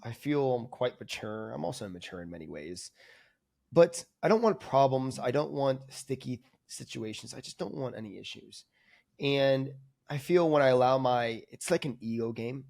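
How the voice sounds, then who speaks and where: Energetic rambling man on a podcast. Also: medium pitch, moderate pace, gravelly, dry recording, clean studio sound. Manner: energetic, rambling, full of "like" fillers. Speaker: podcast guest, coaching client. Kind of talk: candid conversational reflection. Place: lives in Argentina, remote podcast.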